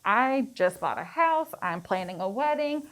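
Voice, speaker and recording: A woman's voice: on the high side, lively intonation, measured pace, a bit bright, poor audio. A young adult woman working as a public health educator, speaking in an earnest, encouraging way in a panel discussion. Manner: earnest, encouraging, talking-point delivery.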